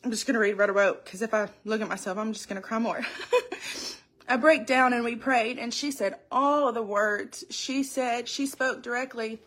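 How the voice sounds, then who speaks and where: A woman's voice: on the high side, fairly bright tone. Tearful woman giving testimony. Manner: tearful, halting, earnest. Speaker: church speaker giving testimony. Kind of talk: emotional personal testimony.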